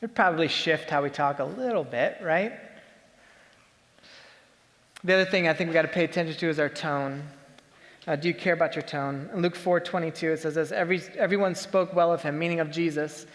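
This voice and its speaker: A man's voice: on the high side, fast talker, fairly bright tone, in a large hall. A man preaching a sermon as a pastor, talking conversationally and asking his listeners many rhetorical questions.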